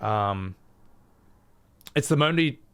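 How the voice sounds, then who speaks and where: A man's voice: on the low side, animated, slow, fairly bright tone, clean tone. A man giving casual, playful reaction commentary on a livestream, often laughing and swearing. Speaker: streamer.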